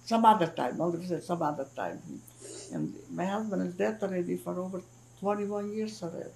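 An older woman from Hungary recounts her life in a recorded interview. Her voice has a gravelly fry, and she talks in halting bursts, restarting phrases and murmuring soft "mm-hmm"s. She slips into the voices of her family when she retells what they said. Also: fairly low pitch, slight background noise, rough recording. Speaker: Holocaust survivor giving testimony. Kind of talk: recorded oral history interview.

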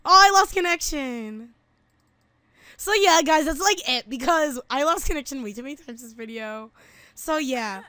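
A woman's voice: high-pitched, lively intonation, moderate pace, bright, forceful tone, no echo. A woman chatting casually while playing a game, giggly and chatty, calling her friend "girl" and chanting playful taunts. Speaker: gameplay video host. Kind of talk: casual gaming chat.

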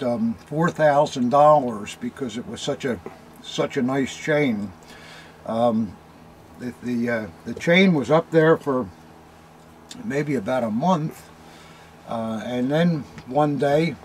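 Older guy telling a long story super slow, lots of ums, puffing a cigar, faint room hum. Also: mid-range voice, darkish tone. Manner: slow, rambling, many ums and uhs; smoking a cigar while talking. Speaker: host. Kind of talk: casual storytelling.

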